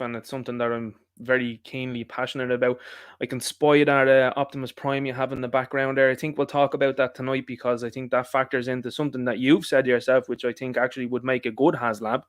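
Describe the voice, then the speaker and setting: A man's voice: mid-range voice, steady tone, a little fast, no echo, clean studio sound. A man with a thick Irish accent, a guest on a podcast, talking in a friendly, chatty way. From Ireland. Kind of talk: casual interview chat.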